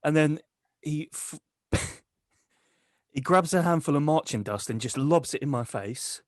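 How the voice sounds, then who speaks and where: A man co-hosting a comedy podcast, telling a crude, deadpan tall tale. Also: a little high, unhurried, dry recording, studio quality. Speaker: podcast co-host. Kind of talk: comic storytelling.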